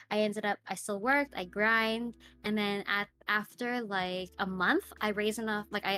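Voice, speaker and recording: A woman's voice: mid-range voice, a bit bright. A young woman, a streamer and podcast guest, telling a personal story in a casual interview. She fills her talk with "like" and "right?" and acts out the lines of the people in it. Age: young adult. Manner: chatty, fills speech with "like" and "right?".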